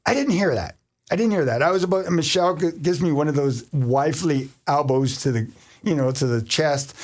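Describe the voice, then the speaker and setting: A man hosting a podcast, from Canada, telling a travel story in casual chat, animated and laughing often. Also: on the high side, fairly quick. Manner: animated, laughs often, acts out quoted voices. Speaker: podcast host.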